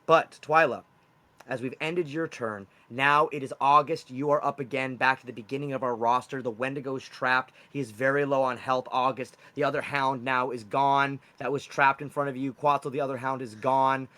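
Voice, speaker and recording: A man's voice: mid-range voice, fairly even intonation, moderate pace, pushed and bright. A young man running a tabletop game as game master, explaining loosely and rambling with fillers.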